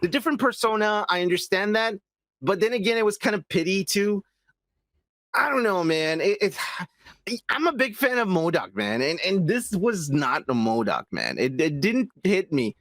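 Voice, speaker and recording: Man, animated pitch, rambling, profane, lots of fillers, dry close mic. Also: moderate pace, no room sound. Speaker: podcast co-host. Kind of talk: casual chat.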